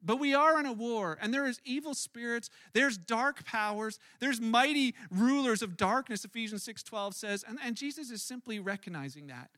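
At a moderate pace with few pauses, a pastor preaches a sermon in a high, bright voice with plenty of edge. His animated, conversational storytelling is full of stumbles, repeated words and restarts. The recording is close and dry, with no room sound at all.

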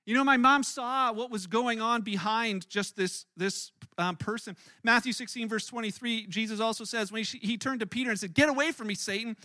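A man's voice: high-pitched, normal speed, hardly any pauses, dry recording. A man preaching a sermon, telling stories with lots of energy and often repeating words and restarting his sentences. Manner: animated storytelling with frequent word repeats and restarts. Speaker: pastor.

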